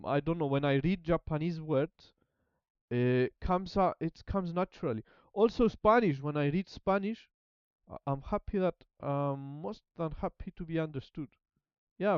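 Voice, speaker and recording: A man chatting casually as a language-learning streamer, halting and repeating words while he searches for them. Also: on the high side, clear, resonant tone, no echo, lo-fi sound. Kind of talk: casual rambling chat.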